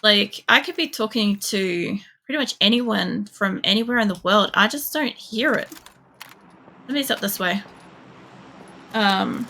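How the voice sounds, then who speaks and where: In a mid-range, unhurried voice that's bright and forceful, a young Polish woman talks while streaming a shooter game. Her chat is rambling and casual, loaded with fillers and swearing.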